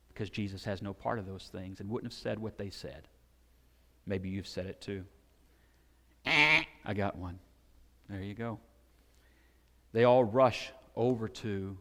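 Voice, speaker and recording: A man preaching a sermon, animated and conversational, sometimes acting out the shouting crowds he describes. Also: mid-range voice. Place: church sanctuary. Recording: long hall reverb.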